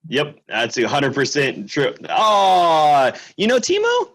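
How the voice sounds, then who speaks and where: Lively young man telling stories on a podcast. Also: on the high side, slow, no room sound. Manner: laughs often, lively storytelling. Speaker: podcast guest, fellow reaction creator. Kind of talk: casual podcast chat.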